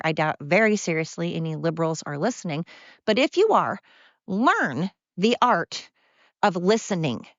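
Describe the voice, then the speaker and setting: A woman's voice: mid-range voice, dry recording. Heated woman ranting into a dull mic. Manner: heated, sarcastic, repetitive and emphatic. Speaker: podcast host. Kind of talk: angry solo rant. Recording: dull lo-fi sound.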